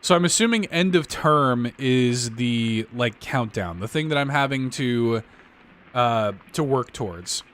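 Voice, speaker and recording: A man's voice: medium pitch, expressive, a little slow, fairly bright tone. A man hosting a let's-play, chatting and thinking aloud while he reads through a story game. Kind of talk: game playthrough commentary.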